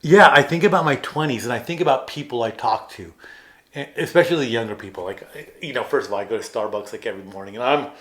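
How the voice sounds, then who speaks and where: A man in his thirties chats on a podcast in an easygoing, rambling way. He tells self-deprecating stories full of fillers and restarts, at an ordinary, middle pitch. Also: fast talker, a bit bright. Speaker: podcast co-host. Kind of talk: casual chat.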